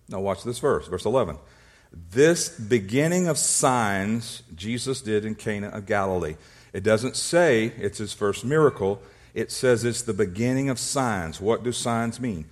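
Male pastor, sermon delivery, playful storyteller, stumbles over words and clears his throat. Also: on the low side. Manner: humorous storytelling, acts out little scenes; repeats words and restarts when excited.

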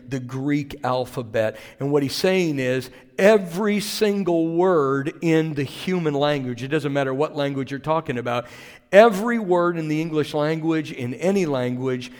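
A man preaching a sermon as pastor, talking in a conversational way with asides to the congregation. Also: mid-range voice. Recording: long reverb of a large hall.

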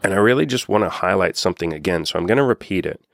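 A man's voice: sits low, lively intonation, racing, vocal fry, fairly bright tone, no echo, studio quality. A young man giving an earnest, emphatic self-improvement talk, swearing casually as he goes. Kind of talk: casual motivational monologue.

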